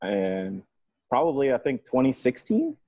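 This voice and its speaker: A man's voice: medium pitch, big pitch swings, unhurried, warm tone, no echo, muffled recording. A man from South Carolina, a moped club member, talking as a guest in a laid-back way with crude slang. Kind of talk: casual interview chat.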